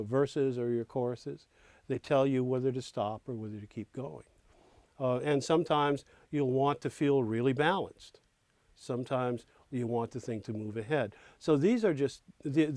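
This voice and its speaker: A middle-aged man teaching lyric writing in a recorded clinic, lively, breaking into sung lines and nursery rhymes to make his points. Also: mid-range voice, dry recording. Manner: animated teacher, recites rhymes and quotes in small acted voices. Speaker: songwriting professor.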